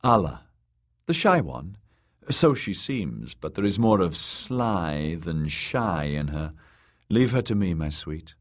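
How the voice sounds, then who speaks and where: A man's voice: sits low, sing-song, slow, exaggerated voice. A man voicing a sly, coaxing noblewoman. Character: soothing, sly noblewoman confidante.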